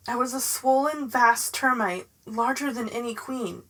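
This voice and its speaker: A woman reading a novel aloud in the first person, in a measured, dramatic way. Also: on the high side, sharp tone, breathy edge, poor audio. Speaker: audiobook narrator.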